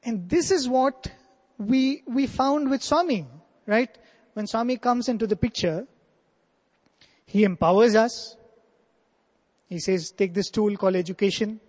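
A man's voice: very high-pitched, takes it slowly, pauses often, darkish tone. A man telling a devotional story earnestly as a spiritual speaker, with asides like "you know". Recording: long hall reverb.

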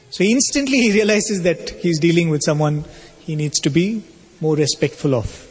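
A man telling a spiritual story as a sermon, in a measured, explanatory way. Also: on the high side, lively intonation, slightly rough. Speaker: spiritual speaker. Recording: long hall reverb.

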